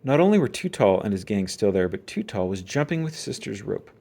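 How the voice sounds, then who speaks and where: A reader reading a children's picture book aloud in an expressive storytelling manner. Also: low voice, a little fast, vocal fry.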